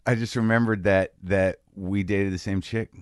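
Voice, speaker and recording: A man hosting a podcast with a somewhat low voice, chatting frankly and a little rambly, swearing freely. The sound is dry and close, with no room around it. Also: steady tone, moderate pace, clean tone, dry recording. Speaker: podcast host. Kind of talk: casual chat.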